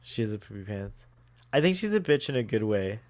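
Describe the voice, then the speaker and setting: A man's voice: fairly low pitch, big pitch swings, fairly quick, a little mellow. A man from Florida co-hosting a casual watch-along chat, laughing often and teasing. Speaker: podcast co-host.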